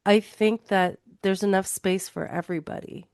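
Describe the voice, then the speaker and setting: A woman co-hosting a podcast, speaking in a calm, reassuring way. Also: mid-range voice, moderate pace, dry recording, studio quality. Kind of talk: casual reflective chat.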